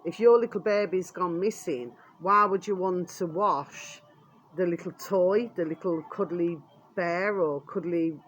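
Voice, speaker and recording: A British woman with a lowish voice rants angrily to her channel at a measured pace, over a little hiss or hum. She is coarse and blunt, swearing constantly and falling back on "there we are" again and again.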